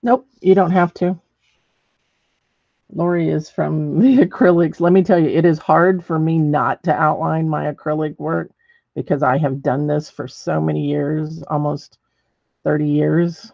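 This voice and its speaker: A woman's voice: low-pitched, steady tone, a little slow, vocal fry, dry recording, dull audio. A middle-aged woman demonstrating ceramic painting in a chatty way, thinking aloud as she works. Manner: chatty, thinks aloud while working, many ums.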